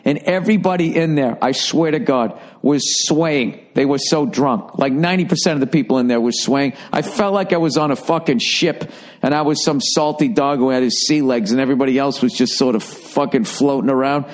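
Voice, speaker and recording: A middle-aged man hosts a podcast and tells a loose, swearing-heavy story in a relaxed monologue. He comes from the Boston area. His voice sits at an ordinary pitch, and he stretches into higher, livelier tones when he recounts what others said. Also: fairly quick. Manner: profane, rambling, animated when doing quoted voices. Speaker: podcast host.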